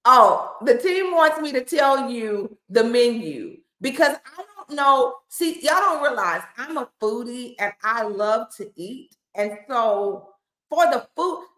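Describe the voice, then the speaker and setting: Brief: woman pastor, slightly high voice, playful and chatty with her viewers, echoey room. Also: sharp tone. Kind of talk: hyped livestream announcement.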